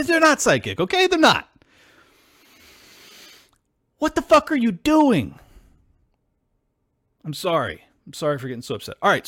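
A fired-up man with a somewhat high voice that swings wildly up and down as he rants. He curses freely and turns combative, breaking into yelling. The sound is dry and close, with no room around it. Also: dry recording. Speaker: podcast host. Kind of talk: solo political podcast rant.

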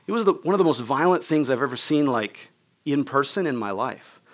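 With an animated, brisk delivery and medium pitch, this pastor tells a story from his own life during a sermon. He acts out the other people and talks casually, leaning on "like" and "right?" again and again.

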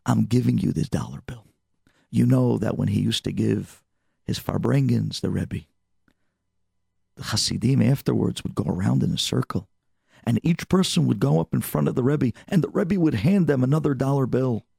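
Narrator voicing a generous Hasidic man; gravelly, emphatic, easily moved. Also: medium pitch, moderate pace, dry recording, clean studio sound. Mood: earnest. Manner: emphatic, excited.

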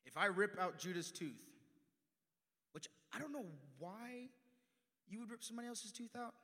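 A young man preaching with a high, bright, ringing voice that jumps from loud emphasis down to quiet asides. His sermon carries a long reverb off the church walls. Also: moderate pace. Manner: animated, swings from loud emphasis to hushed asides. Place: church sanctuary.

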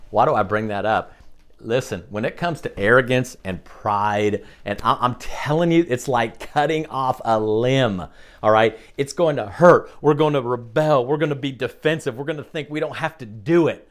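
A man preaching in a lively, animated voice that swings up and down in pitch. He talks conversationally, stopping often to check in with his listeners. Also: normal speed. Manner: conversational preaching, frequent "okay?" check-ins. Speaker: pastor. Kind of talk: sermon.

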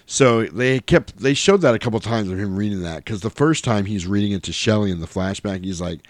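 A man with a fairly low voice talks casually and animatedly as he recaps a film. He swears freely and slips into high, goofy voices to mimic the characters. The sound is dry and close. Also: a little fast, hardly any pauses, no echo. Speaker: podcast host recapping a film. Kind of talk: casual chat.

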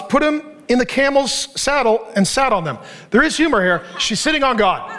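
Man preaching, very high voice, animated, joking, middle-aged. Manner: animated, joking, acts out the characters' lines; preaching to a laughing audience. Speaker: pastor. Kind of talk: sermon.

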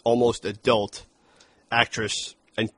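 A man's voice: medium pitch, flat delivery, slow, slight background noise. A man co-hosting a film review podcast, talking casually and profanely, acting out lines from the movie. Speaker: podcast co-host.

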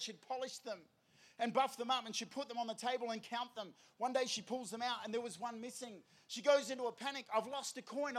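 A man preaching an energetic sermon, telling lively stories and prompting the crowd. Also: very high-pitched. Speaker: youth preacher.

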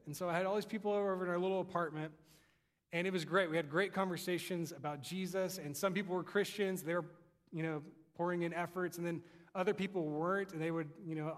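A young adult man preaching a sermon in a conversational, storytelling way. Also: a little high. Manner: conversational, animated storytelling with laughs. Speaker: pastor. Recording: long reverb of a hall.

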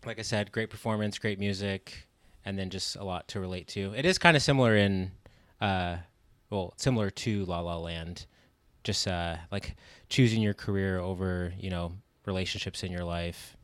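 A laid-back man co-hosting a casual film chat, with a lowish, smooth voice. He hesitates often and leans on fillers. The sound is dry and close-miked. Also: steady tone, normal speed, fairly bright tone, no echo.

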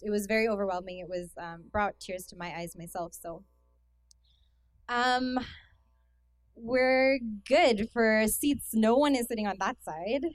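Guest-speaking at a youth conference, a young woman with a Canadian accent addresses a hall audience in a chatty, self-deprecating way, using lots of fillers. Her voice is mid-range and the recording is dry.

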